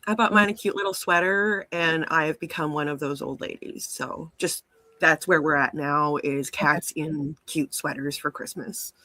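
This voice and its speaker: A woman's voice: sits low, steady tone, normal speed, sharp tone, dry recording. A woman chatting enthusiastically in a casual group conversation.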